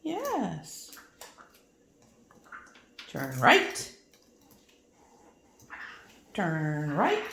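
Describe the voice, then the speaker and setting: Pet owner, woman, coaxing baby talk; slow, lively pitch, echoey home room. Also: creaky. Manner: coaxing sing-song baby talk with sudden high squeaks. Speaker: bird owner training her pet.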